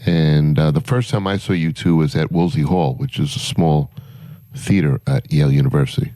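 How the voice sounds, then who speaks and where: A man's voice: a bass voice, normal speed, dark tone, dry recording. A man, a concert promoter guest on a morning radio show, telling rambling anecdotes with many fillers. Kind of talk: casual radio storytelling.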